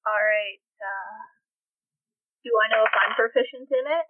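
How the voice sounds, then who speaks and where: A woman's voice: mid-range voice, unhurried, background noise. A woman playing in a tabletop game, chatting casually and joking with the group. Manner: lively, joking. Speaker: player. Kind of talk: casual chat. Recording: dry, phone-like line.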